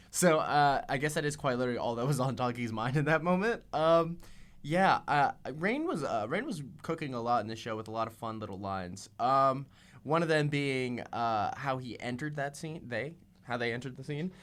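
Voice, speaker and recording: A young man co-hosting a casual podcast, a little out of breath, haltingly searching for words as he recalls scenes. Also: mid-range voice, a bit bright. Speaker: co-host.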